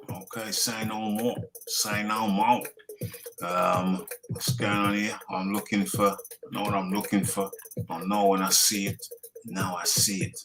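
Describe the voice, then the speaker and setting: On a casual live podcast about boxing, the host chats with wry jokes and repeats himself a lot. His voice sits low, and the audio quality is poor.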